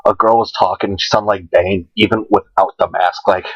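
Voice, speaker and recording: A man's voice: low voice, flat delivery, brisk, no echo, muffled recording. A young man co-hosting a casual podcast, rambling through crude, joking stories. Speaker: podcast co-host. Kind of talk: casual chat.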